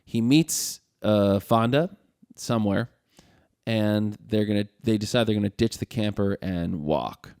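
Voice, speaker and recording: A man's voice: lowish voice, measured pace, smooth, no room sound, clean studio sound. A middle-aged man co-hosting a podcast, animatedly retelling a film plot and acting out its lines. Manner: animated storyteller, acts out lines with laughs. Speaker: podcast co-host. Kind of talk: casual movie recap chat.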